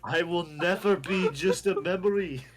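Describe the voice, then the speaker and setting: A man putting on the voice of a jovial, doting old gentleman who talks in a theatrical way for a game character. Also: high-pitched, moderate pace, close to an everyday voice. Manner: theatrical, doting, says "me boy". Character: jovial old gentleman clinging to his young ward.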